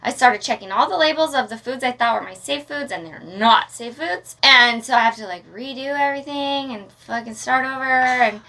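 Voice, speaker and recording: A young adult woman co-hosting a podcast in casual chat, animated and swearing, acting out voices with sudden high squeals. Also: normal speed, few pauses. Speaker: podcast co-host.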